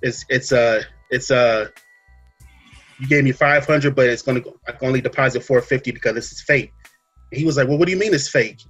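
A man hosting a podcast, talking through a story in a relaxed casual way, full of fillers and asides. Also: medium pitch. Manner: relaxed storytelling, many fillers and "you know what I'm saying". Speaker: podcast host. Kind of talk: casual chat.

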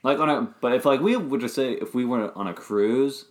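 A man's voice: medium pitch, brisk. A man in a casual chat, talking hesitantly with many ums and likes.

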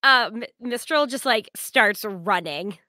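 Bright higher-voiced woman player. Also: animated, slow, no echo, clean studio sound. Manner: giggly and chatty. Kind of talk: casual game chat.

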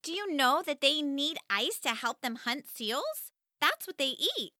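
A woman narrating a children's story in the first person, highly expressive and animated. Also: a little slow, dry recording, clean studio sound.

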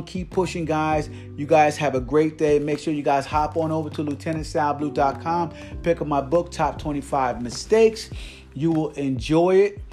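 A man's voice: on the high side, darkish tone. A man hosting a motivational podcast, talking in an earnest coaching tone and checking in with "right?" and "guys" as he goes.

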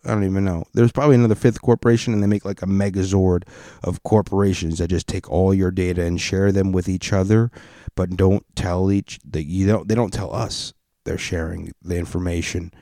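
A man's voice: sits low, steady tone, brisk, mellow, no echo, studio quality. A man in a casual, rambling rant full of swearing and restarts. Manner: rambling, profane, restarts a lot.

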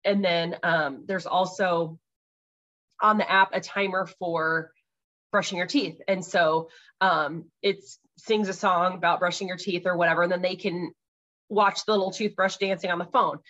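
Casual mom host, thirties, rambling and friendly, filler words throughout, low-set voice, muffled recording. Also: female voice, fairly even intonation, normal speed, fairly bright tone. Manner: chatty, many ums and likes, laughs easily. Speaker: podcast host. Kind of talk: casual parenting talk.

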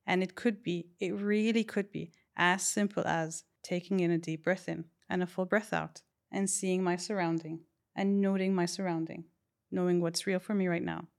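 A woman bodywork practitioner as a podcast guest, explaining in a calm, measured, unhurried way. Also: lowish voice, vocal fry. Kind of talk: reflective interview talk.

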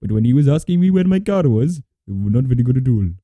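A young man co-hosts a casual podcast with a very dark, mellow tone. His pitch swings around freely as he rambles through a story. His voice sounds close and dry. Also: very animated, a little fast, no echo, muffled recording. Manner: rambling storyteller, swears, laughs a lot. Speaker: podcast co-host. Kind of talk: casual chat.

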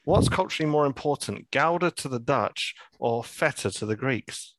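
A man's voice: mid-range voice, expressive, normal speed, no echo, poor audio. A man hosting a casual podcast chat, teasing and playful as he asks his guest quiz questions. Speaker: podcast host.

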